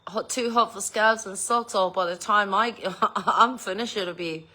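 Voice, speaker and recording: A woman's voice: medium pitch, a little slow, bright, forceful tone. A middle-aged woman, chatting casually to her viewers, laughing often and swearing freely as she jokes about herself. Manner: giggly, swears freely, self-mocking. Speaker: vlogger. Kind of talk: casual chat.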